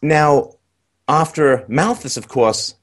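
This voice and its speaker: A man's voice: fairly high pitch, takes it slowly. A man hosting an interview, asking long, winding questions with occasional fillers. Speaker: interviewer host.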